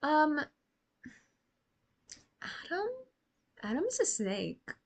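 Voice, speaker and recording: A woman's voice: medium pitch, animated, moderate pace, fairly bright tone. A young woman talks through her reactions to a TV episode in casual commentary. She is blunt and sarcastic, swears often, and scolds the characters as if they could hear her. Her voice sits in a mid range.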